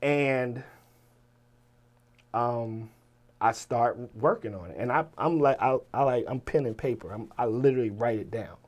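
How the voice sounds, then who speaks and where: Animated rapper telling stories. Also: male voice, medium pitch, a little slow. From Virginia. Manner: animated storyteller, swears freely, acts out the people he quotes. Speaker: rapper and writer, interview guest. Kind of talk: casual storytelling interview.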